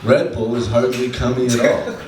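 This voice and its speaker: Deadpan male stand-up in an echoey club. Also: mid-range voice, normal speed, a little hiss or hum. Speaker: stand-up comedian. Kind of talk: stand-up comedy set. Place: comedy club stage. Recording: echoey room from a distant mic, faint ambience.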